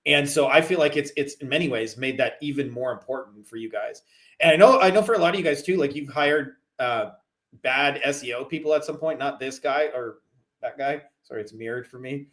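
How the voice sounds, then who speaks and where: A man's voice: mid-range voice, fairly quick, a bit bright. A middle-aged man from Canada, speaking as a podcast guest. His talk is casual and rambling, full of "like" and restarts. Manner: rambling, heavy on "like" fillers. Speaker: guest, digital marketer. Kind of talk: casual chat.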